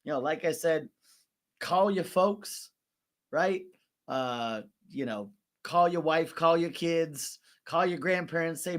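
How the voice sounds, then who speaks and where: Man, casual recap host, swears and jokes, animated rising and falling voice, fairly high. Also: normal speed. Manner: animated, profane and joking. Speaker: host of an online rap tournament.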